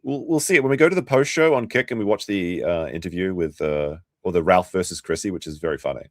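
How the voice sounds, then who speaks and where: A man's voice: deep voice, lively intonation, fast talker, dry recording, clean studio sound. A man hosting a casual commentary stream, ranting and swearing freely. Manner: profane, ranting. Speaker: stream host.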